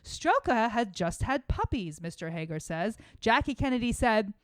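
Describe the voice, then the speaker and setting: Bright-voiced woman hosting a comedy podcast. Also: fairly high pitch, very animated, moderate pace, no echo. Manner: playful, quiz-show style. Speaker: podcast co-host. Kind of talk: casual comedic chat, storytelling.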